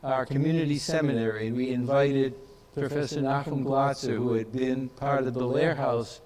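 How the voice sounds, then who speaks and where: A man delivers a reflective conference tribute, often pausing on fillers and restarting phrases. His voice sits at an ordinary middle pitch. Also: fairly even intonation, a loud crowd, rough recording. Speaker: conference speaker. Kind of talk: tribute speech.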